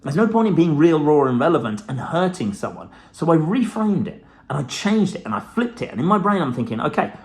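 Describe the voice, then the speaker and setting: A man's voice: on the high side, sing-song, brisk. Blunt sweary guy doing a self-help vlog, voice jumps up and down a lot. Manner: blunt and profane, with laughs. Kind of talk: casual motivational talk to camera.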